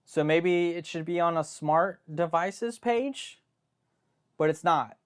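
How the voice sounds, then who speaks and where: A man's voice: on the high side, slow pace, smooth. A young man hosting a live stream, chatting casually and rambling through joking asides and self-interruptions.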